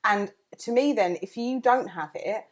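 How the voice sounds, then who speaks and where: A woman's voice: fairly high pitch, a little slow. A woman co-hosting a podcast in casual chat, talkative and laughing often, with frequent restarts. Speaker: podcast co-host.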